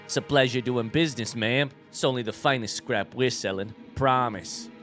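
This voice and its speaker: A man reading game dialogue aloud as gruff, businesslike male bug scrap merchants, drawling slowly in a put-on Boston and New York accent. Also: medium pitch, fairly bright tone, faint music behind, close to an everyday voice. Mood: haggling.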